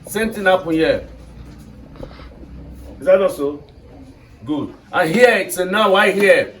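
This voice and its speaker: Nigerian male teacher, fairly high voice, heard from across an echoey classroom; drills students with questions. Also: lively intonation, slow, fairly bright tone. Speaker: English teacher. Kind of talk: classroom lesson. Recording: echoey classroom, mic far off, faint noise.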